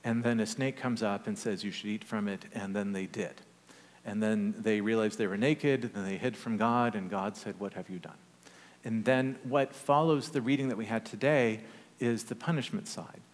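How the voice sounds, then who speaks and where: A man preaching a sermon, telling a personal story in a conversational, animated way with humorous asides. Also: fairly low pitch, moderate pace. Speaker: pastor. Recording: long church reverb.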